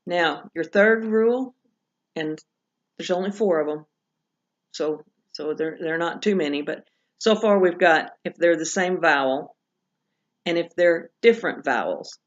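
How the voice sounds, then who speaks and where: A woman teaching pronunciation in a recorded lesson, patiently walking through examples and repeating each one slowly. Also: lowish voice. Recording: dull lo-fi recording.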